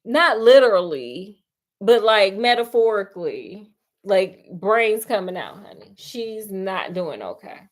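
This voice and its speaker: A woman's voice: medium pitch, sing-song, measured pace. A woman casually retelling a movie plot in a chatty, sassy way, calling the listener "honey" and "child.". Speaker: storyteller. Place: at home doing crafts.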